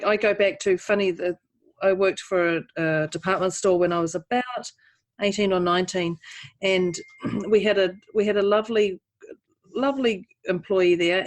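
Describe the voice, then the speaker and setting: A woman co-hosting a podcast, talking casually. She tells a personal story in a chatty, self-deprecating way and breaks into laughter now and then. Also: medium pitch. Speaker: podcast co-host. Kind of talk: casual conversation.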